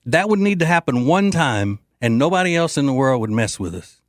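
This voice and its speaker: A man's voice: medium pitch, sing-song, brisk, dry recording. A man hosting a political talk show, delivering a brash, joking, rambling monologue with frequent fillers into a studio microphone. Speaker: host.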